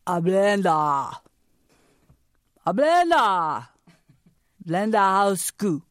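A woman putting on an elderly grandfather's voice. He is gruff but affectionate and drags out his broken English in slow, halting phrases. The recording is dry and close, with no room sound. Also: medium pitch, big pitch swings, mellow, dry recording, full character voice. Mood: doting.

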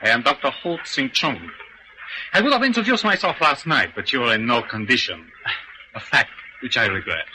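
An actor playing a cold, scheming male criminal mastermind in a vintage radio drama, speaking in a formal, measured, menacing way. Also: mid-range voice, very animated, bright, forceful tone, slight background noise, poor audio.

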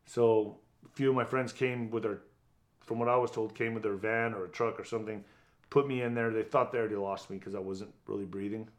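Interview guest: low-pitched middle-aged man, blunt, profane storyteller. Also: fairly even intonation, brisk. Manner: blunt, profane, vivid retelling with acted quotes. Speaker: guest, former boxer.

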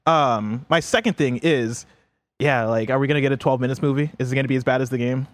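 A man's voice: medium pitch, fairly even intonation, fast, dry recording. A young male co-host talks games in a loose, slangy way, teasing and laughing as he goes. His voice is dry and close, with no room sound. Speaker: co-host of a daily games news show. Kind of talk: casual chat.

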